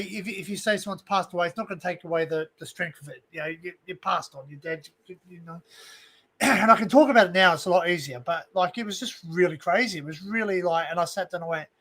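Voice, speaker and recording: An Australian man hosts a livestream, casually chatting as he shares a personal story candidly and emotionally, swearing freely. His voice is high with a fairly bright tone.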